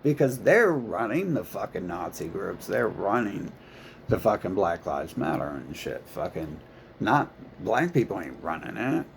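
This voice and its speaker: A man's voice: low-pitched, big pitch swings, measured pace, creaky, slight background noise. A man talking in a rambling, profane monologue full of filler words and restarts.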